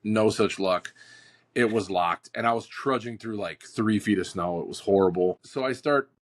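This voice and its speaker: Man, podcast co-host, animated storyteller, casual, throws in "like" and "dude" a lot. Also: lowish voice, normal speed. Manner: animated, acts out quotes, says "like" and "dude" often.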